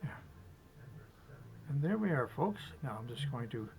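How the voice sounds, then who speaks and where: A man demonstrating fly tying step by step, chatty and relaxed, talking to himself as he works. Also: medium pitch, a little slow, noisy background. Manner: chatty, talks to himself while working, chuckles.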